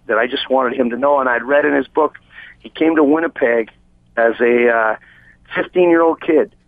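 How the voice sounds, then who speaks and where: A man's voice: mid-range voice, normal speed, no echo. A man on a phone interview, telling a long, heartfelt personal story in a rambling way with many restarts. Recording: tinny dry phone line.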